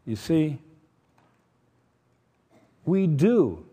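A middle-aged man preaching a sermon, emphatic, shifting between loud stressed points and quiet asides. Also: a little high, very animated, drawn-out words, slightly rough. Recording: long reverb from a large hall.

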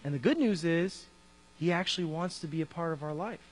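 A man's voice: on the high side, brisk. A man preaching a conversational sermon, acting out dialogue from the story as he speaks. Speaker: pastor. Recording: reverberant hall with mains hum.

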